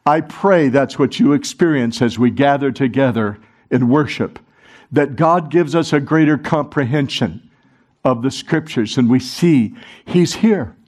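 A middle-aged man preaching a sermon, animated and urging the congregation to join in. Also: mid-range voice, a little slow. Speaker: pastor.

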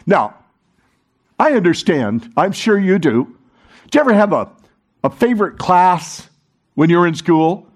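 A man preaching a sermon to a congregation, animated, talking with the room and acting out the quoted voices. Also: sits high, unhurried, long pauses. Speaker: pastor.

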